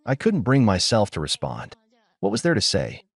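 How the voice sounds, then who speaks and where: A man narrating a first-person story in a steady, measured way. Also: lowish voice, husky, dry recording.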